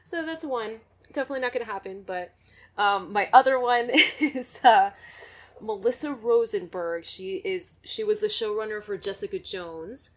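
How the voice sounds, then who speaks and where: A woman's voice: mid-range voice, normal speed. A woman co-hosting a fan podcast, chatting enthusiastically with frequent laughs. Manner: enthusiastic, laughs often, many fillers. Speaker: podcast co-host. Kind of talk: casual chat.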